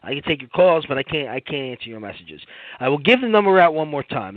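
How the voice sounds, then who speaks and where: A man's voice: on the high side, big pitch swings, fast, no echo, phone-quality sound. A man hosting a casual wrestling call-in radio show, rambling and opinionated with frequent restarts.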